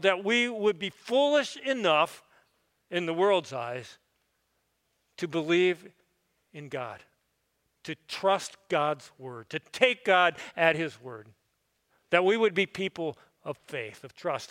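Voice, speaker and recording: A man's voice: high voice, pushed and bright. A middle-aged man preaching a sermon as pastor, folksy and conversational with frequent fillers, in a church sanctuary. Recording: long hall reverb.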